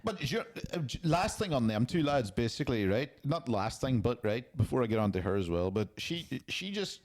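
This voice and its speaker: A man's voice: medium pitch, very animated, a little mellow. A man co-hosting a podcast, rambling and swearing as he chats about a film. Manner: sweary, rambling, quick to laugh. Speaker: podcast co-host. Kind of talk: casual film-review chat.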